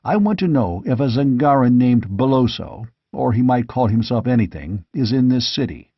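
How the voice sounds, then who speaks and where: A man voicing a bold barbarian warrior king who speaks bluntly and gruffly, with grim amusement, in an audiobook reading. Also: medium pitch, animated, normal speed, dry recording. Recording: dull, dry lo-fi audiobook recording.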